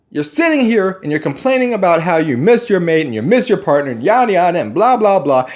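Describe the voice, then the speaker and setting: A man delivering an angry, profane, sarcastic rant on his vlog. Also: high voice. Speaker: vlogger ranting about roleplay community.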